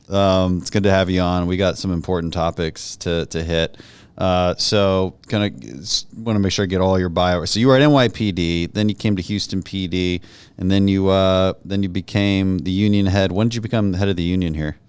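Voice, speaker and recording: A man's voice: low voice, normal speed, clear, resonant tone, no echo. A man hosting a podcast interview, chatting casually and jokingly with plenty of fillers. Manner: relaxed, joking, many fillers. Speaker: podcast host, congressman.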